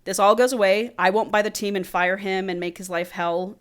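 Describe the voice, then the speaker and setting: A woman's voice: mid-range voice, steady tone, brisk, natural voice. A woman voicing a smug, controlling wealthy ex-boyfriend who speaks in cold, demanding lines.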